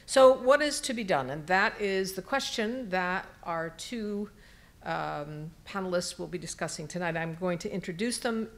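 A woman with a lowish voice moderating a formal public debate. She sets things up in measured, deliberate phrases, like someone used to framing the question for a panel.

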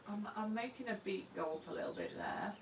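A woman artist talks through a live painting session in a homely, self-deprecating way, murmuring asides as she works. Her voice has a gravelly fry to it. The sound is roomy and a little distant from the microphone. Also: medium pitch, fairly quick, very noisy. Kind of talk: live painting demonstration, chatty commentary. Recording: roomy sound from away from the mic.

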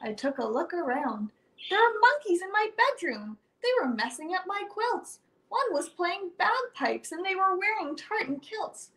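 A young woman storyteller reads a rhyming picture book aloud to children, sing-song and animated with dramatic swings. Her voice is extremely high-pitched and unhurried.

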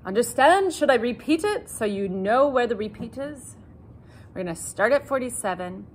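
A woman's voice: fairly high pitch, animated, moderate pace. A woman teaching a cello lesson, counting in and calling out notes, patient and self-joking. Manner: patient, repeats instructions, jokes about herself. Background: cello playing along.

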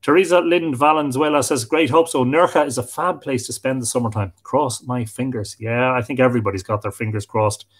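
A man's voice: medium pitch, a little fast, few pauses, husky. A man with an Irish accent hosting a live online show, chatting casually and greeting viewers by name as he reads out their comments. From Ireland. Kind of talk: casual live-stream chat, reading out comments.

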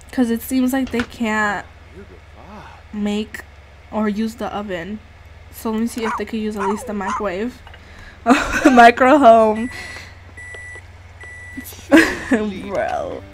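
A woman commenting on a life-sim game as she plays, excitable and swearing freely while she narrates what her characters do. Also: mid-range voice. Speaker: gaming channel host. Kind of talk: let's-play commentary.

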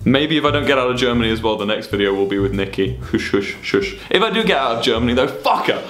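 A man's voice: mid-range voice, lively intonation, fast talker, fairly bright tone, echoey room. A young man streaming, reacting to fan memes in casual, sweary, mock-indignant banter.

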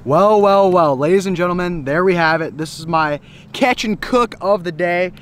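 A young man chatting excitedly to viewers while fishing and cleaning fish outdoors, calling them folks and boys. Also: high-pitched, normal speed. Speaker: fishing vlogger. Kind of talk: casual outdoor vlog tutorial.

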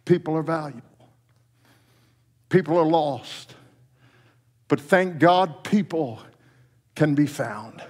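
A middle-aged man preaching a sermon as pastor, telling a story with soft, low quoted lines that climb into fervent passages. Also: lively intonation, takes it slowly, long pauses. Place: church sanctuary. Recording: long church reverb.

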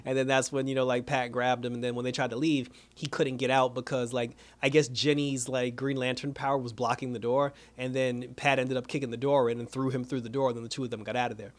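A man giving a casual, rambling recap of a TV episode, full of fillers and quick laughs. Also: mid-range voice, little pitch movement. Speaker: TV episode reviewer.

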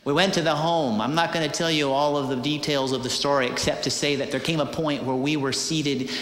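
Animated preacher in an echoey hall. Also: male voice, on the high side, a little fast. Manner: animated storytelling with hesitant fillers. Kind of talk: sermon. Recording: echoey hall with long reverb.

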